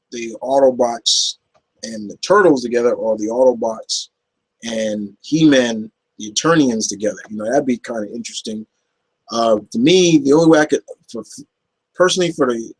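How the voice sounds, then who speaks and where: A man's voice: mid-range voice, husky, low-quality recording. A man hosting a casual Q&A video, answering viewer questions in a rambling way with many fillers and restarts. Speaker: YouTube Q&A host. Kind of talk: casual Q&A chat.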